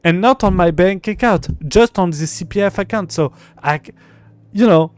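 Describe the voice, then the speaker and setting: A man's voice: sits high, normal speed, clear, resonant tone, no echo. A young man, an English speaker, chatting frustratedly and swearing on a live game stream. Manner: frustrated, swearing, muttering to himself. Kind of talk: live gameplay stream chat.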